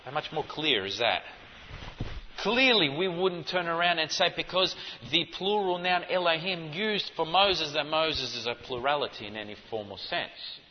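A man preaching a sermon, teaching in an emphatic way and rising to forceful stresses. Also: on the high side, lively intonation, normal speed. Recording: dull audio with long hall reverb.

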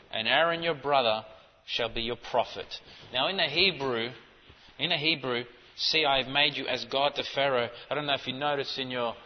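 A man preaching a sermon, teaching in an emphatic way and rising to forceful stresses. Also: mid-range voice. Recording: dull audio with long hall reverb.

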